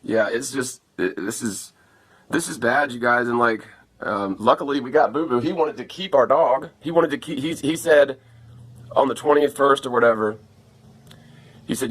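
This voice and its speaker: A man's voice: medium pitch, normal speed, a bit bright, breathy edge. A man talking to camera on a phone in a rambling, profane casual vlog, upset after an attack and asking viewers for help.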